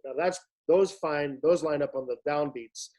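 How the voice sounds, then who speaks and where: Halting male choir director, a bit high. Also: darkish tone, poor audio. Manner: halting, many fillers and restarts, sings short phrases to demonstrate. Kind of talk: rehearsal instruction.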